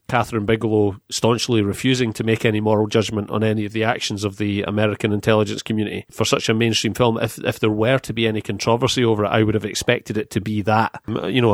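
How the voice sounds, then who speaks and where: A man's voice: on the low side, no echo, studio quality. A man hosting a casual film review podcast, wry and playful, with jokey asides. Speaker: podcast host.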